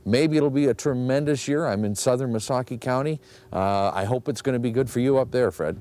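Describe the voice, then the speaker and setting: Man, field reporter, relaxed, thinking aloud, outdoors by his truck, faint background noise. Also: mid-range voice, brisk, poor audio.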